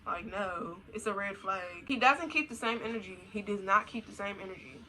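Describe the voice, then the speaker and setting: A woman's voice: medium pitch, normal speed, sharp tone, slight background noise, poor audio. A young adult woman talking casually in a blunt, slangy, profane way, repeating her points for emphasis. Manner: repetitive, emphatic. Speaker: vlogger. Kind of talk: casual rant.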